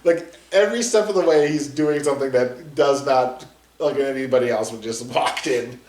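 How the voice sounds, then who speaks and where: A man's voice: mid-range voice, moderate pace, a little mellow, roomy sound. A man chatting casually while commenting on a movie, joking loosely and laughing often. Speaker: film commentator.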